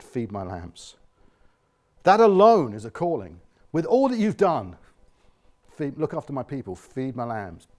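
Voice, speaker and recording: This pastor's voice sits on the high side as he preaches earnestly, dropping low in volume and then rising loud. He frequently imitates the voices he quotes.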